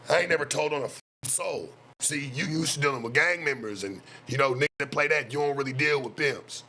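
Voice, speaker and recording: A man with an American West Coast street accent, talking straight at his viewers in a casual livestream rant. His voice is bright and forceful, his talk blunt and full of profanity, circling back to the same point again and again. A faint hum of room sound sits behind him. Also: mid-range voice, brisk. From West Coast of the United States. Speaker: streamer and self-styled life coach.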